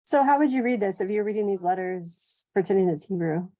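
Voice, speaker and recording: A woman's voice: mid-range voice, expressive, brisk, warm tone, poor audio. A woman student in a language class, asking the teacher direct questions.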